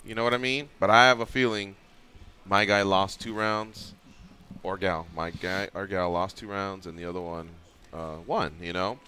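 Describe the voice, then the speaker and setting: A man's voice: low voice, fairly even intonation, normal speed, bright, forceful tone, slight background noise. A man hosting a radio show, chatting casually and acting out scenes with mock voices. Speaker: radio host.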